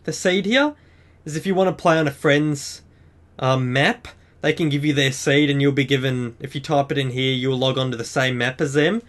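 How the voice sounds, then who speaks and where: A man's voice: medium pitch, moderate pace, fairly bright tone. A man hosting a game tutorial, talking casually and explaining each step of a screen-recorded walkthrough in an upbeat way.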